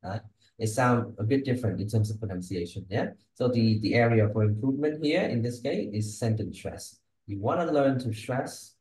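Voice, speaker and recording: A man's voice: lowish voice, a little mellow, reverberant, slight background noise, poor audio. A man teaching English and giving exam feedback, with a patient, explanatory manner and frequent check-ins. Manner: patient, explanatory, tags sentences with "okay?" and "huh?".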